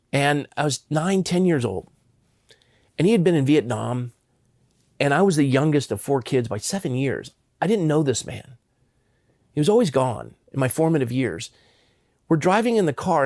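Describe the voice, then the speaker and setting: A man's voice: a little high, a little mellow, no echo, studio quality. Earnest pastor man in his fifties. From Southern California. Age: 50s. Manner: earnest, impassioned. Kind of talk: personal storytelling in an interview.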